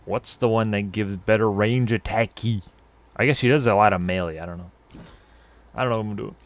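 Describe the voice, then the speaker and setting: A low-voiced man streams a let's-play, talking a little fast as he jokes his way through the game. He pokes fun at himself and thinks out loud in casual commentary.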